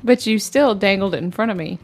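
A woman's voice: medium pitch, brisk. A woman co-hosting a radio show, chatting casually and playfully with her husband.

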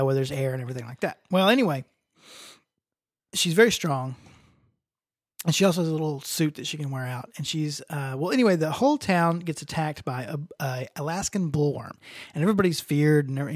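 A man's voice: on the high side, fast talker, no room sound, clean studio sound. A man tells stories animatedly in a casual chat as co-host, often repeating words.

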